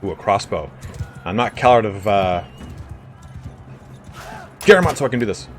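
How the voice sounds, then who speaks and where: A man casually commenting on a game he plays live, chatting with viewers and breaking into excited reactions. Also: lowish voice, moderate pace, a little hiss or hum. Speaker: game streamer.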